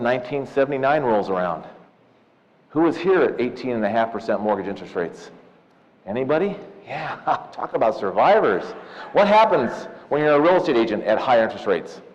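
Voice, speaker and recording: A man of about fifty from Southern California, giving a lively, jokey seminar talk and telling stories to loan officers, often calling them "you guys.". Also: medium pitch. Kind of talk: live seminar talk with personal storytelling. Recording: echoey hall, dull lo-fi sound.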